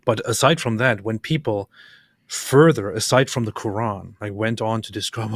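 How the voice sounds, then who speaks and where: A man's voice: on the low side, normal speed, slightly rough, no echo, studio quality. A man co-hosting a talk show, speaking hesitantly and mocking when he quotes others. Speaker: co-host. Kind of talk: casual commentary.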